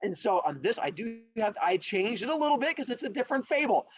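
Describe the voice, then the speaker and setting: A man's voice: extremely high pitch, very animated, fast talker. A man teaching a class, explaining and telling a story in a playful, jokey way. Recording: dull lo-fi recording.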